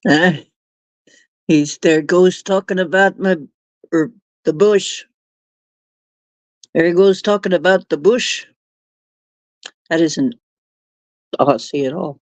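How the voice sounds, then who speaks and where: A woman's voice: on the low side, takes it slowly, long pauses, darkish tone, no room sound. A woman hosting a live stream, chatting casually with viewers and giggling often. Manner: giggly, laughs often while reading chat.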